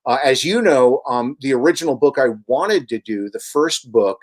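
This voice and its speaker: A man, a radio host and author, guesting on a radio show and telling long, animated anecdotes with many restarts. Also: medium pitch, moderate pace. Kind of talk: storytelling in a radio interview.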